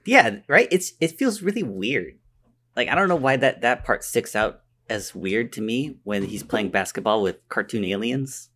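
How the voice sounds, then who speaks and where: A man's voice: medium pitch, very animated, moderate pace, fairly bright tone. A man co-hosting a podcast, chatting casually and restarting his sentences often. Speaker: podcast co-host. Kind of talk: casual chat.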